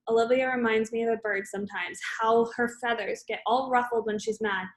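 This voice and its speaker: A woman's voice: on the high side, steady tone, a little fast, hardly any pauses, low-quality recording. A woman reading a novel aloud in first person, plainly, with small slips and self-corrections. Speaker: audiobook reader.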